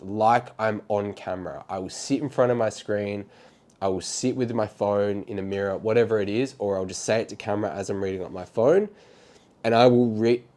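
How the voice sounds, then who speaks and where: A man's voice: fairly low pitch, darkish tone. A man coaching viewers through a casual video lesson, earnest and encouraging, recorded in a cafe. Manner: earnest, encouraging, speaks from experience. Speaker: personal brand coach.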